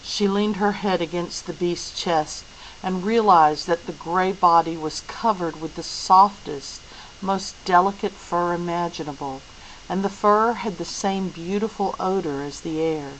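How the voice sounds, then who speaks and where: A woman reading a novel aloud, clear and unhurried. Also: fairly low pitch, a little hiss or hum, low-quality recording. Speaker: audiobook reader.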